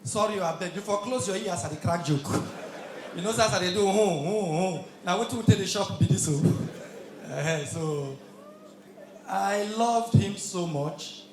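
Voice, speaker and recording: Loud Nigerian Pidgin stand-up comic. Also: male voice, sits high, normal speed, echoey room, slight background noise. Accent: Nigerian Pidgin English. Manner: loud, punchy, shouted punchlines. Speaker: stand-up comedian. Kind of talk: live stand-up comedy.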